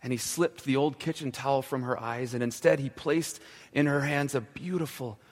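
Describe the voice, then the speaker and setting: A male pastor telling a story in a sermon, slowing down and dropping to a hushed voice at the key moments. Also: medium pitch. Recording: long church reverb.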